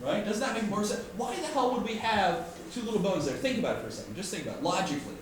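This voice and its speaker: A man teaching an art class to students, joking and animated, who keeps checking in with "right?". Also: sits high, rapid-fire. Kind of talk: classroom lecture. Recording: echoey room from far off with faint noise.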